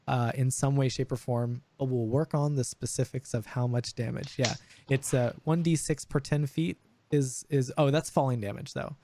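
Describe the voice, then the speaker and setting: A man's voice: medium pitch, warm tone, no room sound. A young man running a tabletop game as dungeon master, chatting casually with many fillers and restarts. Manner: rambling, frequent fillers and restarts. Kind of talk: casual chat over voice call.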